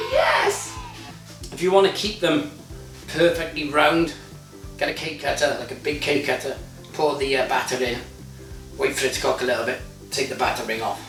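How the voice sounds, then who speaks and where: A man's voice: mid-range voice, brisk, far from the mic. A man in his forties hosting a casual cooking vlog, chatty and jokey, swearing freely. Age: 40s. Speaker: cooking show host. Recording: echoey room, off-mic, music behind.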